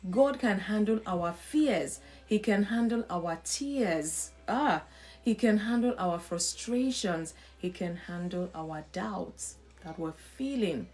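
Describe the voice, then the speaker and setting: A woman hosts a live stream with an earnest, faith-based talk, repeating her points, asking rhetorical questions and greeting viewers by name as she goes. Her voice is mid-range and a little mellow.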